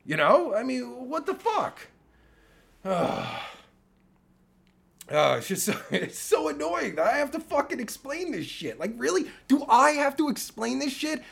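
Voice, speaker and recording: A man's voice: extremely high pitch, very animated, a little slow, vocal fry, a bit bright, breathy edge. A man ranting angrily on a live stream, swearing constantly and restarting his sentences. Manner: profane, heated, stammering restarts. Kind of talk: angry rant on a live stream.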